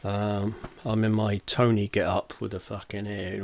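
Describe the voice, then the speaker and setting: Deadpan, sweary man, slightly stuffy. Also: fairly low pitch, unhurried, vocal fry, few pauses, a little hiss or hum. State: slightly blocked nose. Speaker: author reading his novel. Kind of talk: casual one-take reading.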